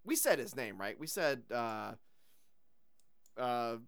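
A man's voice: mid-range voice, slow, no echo, clean studio sound. A man guest on a podcast, chatting casually and animatedly about a movie and its comic. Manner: animated, comparing film to the comic. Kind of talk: casual chat.

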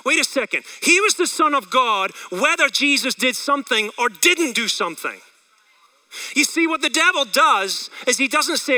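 A Scottish pastor preaching with energy and a chatty, questioning manner. His voice is high for a man and very bright. The mic picks him up from a little way off. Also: normal speed, recorded from a distance, low-quality recording. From Scotland. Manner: energetic, conversational, asks the room questions. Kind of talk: sermon.

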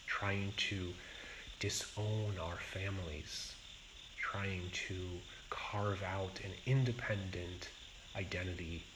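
A man as a Zen teacher giving a dharma talk, speaking in a slow and reflective way with pauses. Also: sits low, background noise.

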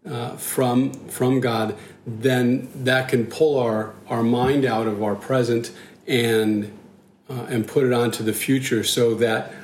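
A man who is a church leader, talking thoughtfully in a casual discussion with halting restarts. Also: medium pitch, steady tone. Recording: roomy with faint noise.

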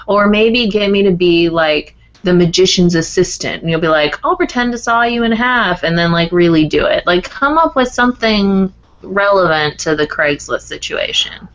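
A woman hosting an improv comedy show, loud and profane and laughing often. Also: lowish voice, moderate pace, highs cut off. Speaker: podcast host running improv games. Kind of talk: casual comedy chat and improv.

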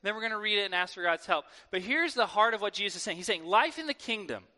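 A man preaching a sermon to his church in a lively, conversational way, acting out quoted voices. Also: sits high, fast. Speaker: pastor. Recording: long hall reverb.

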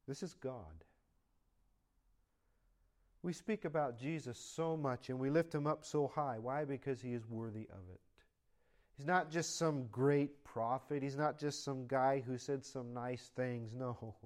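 A male pastor preaching a sermon, swinging from loud, emphatic lines to soft, conversational asides in short repeated phrases. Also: medium pitch, measured pace.

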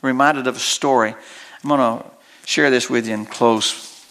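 A man preaching a sermon as pastor, with big swells of emotion and soft, tender storytelling that comes close to tears. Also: fairly even intonation, normal speed. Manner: preaching with big rises in pitch, then dropping soft and low for a story.

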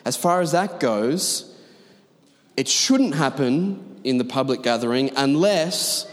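A man's voice: mid-range voice, lively intonation, takes it slowly. Pastor, male, mid-range voice, emphatic conversational sermon, big reverberant auditorium. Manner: emphatic, conversational preaching with asides. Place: large church auditorium. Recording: long reverb of a large hall.

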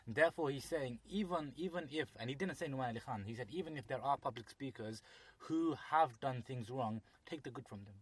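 A fast-talking man with a husky voice. He thinks aloud in a casual religious discussion, restarting his sentences as he explains at length. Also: mid-range voice, no echo.

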